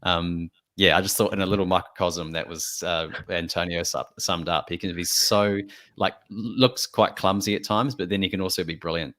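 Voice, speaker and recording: A man with a low voice joins in football podcast banter, with a teasing, jokey edge. He talks casually and at an easy pace. He comes across as one of the regular co-hosts. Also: steady tone, normal speed, fairly bright tone. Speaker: podcast co-host.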